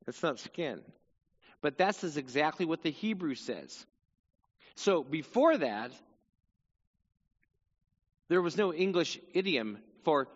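A man's voice: a little high, big pitch swings, slow pace, pauses often, big-room sound, lo-fi sound. A male pastor preaching a sermon, reading scripture dramatically and chatting casually between passages.

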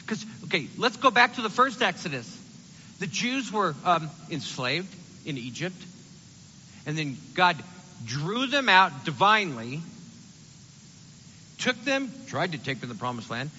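A man preaching a sermon in an animated, conversational way, acting out the quotes he reads. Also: high-pitched, measured pace, big-room sound, muffled recording, a little hiss or hum.

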